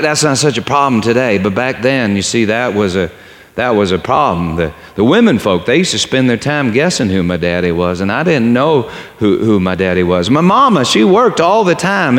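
A humble old mountain man tells his story in a halting, folksy way, as a preacher puts him on. His pitch swings widely. A long hall reverb trails each phrase. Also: natural voice. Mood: hurt. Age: older. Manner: halting, folksy, repeats himself.

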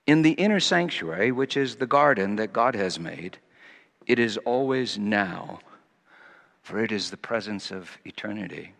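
A man preaching a sermon, swinging from quiet musing to loud, emphatic scripture reading. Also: on the low side, expressive, a little slow, creaky. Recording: long hall reverb.

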